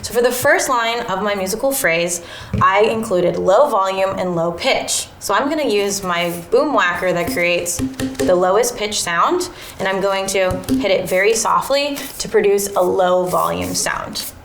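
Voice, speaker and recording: A woman explaining a classroom music activity step by step, in a clear and methodical way. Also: mid-range voice, a little slow, fairly bright tone, roomy sound. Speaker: teacher. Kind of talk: instructional lesson narration.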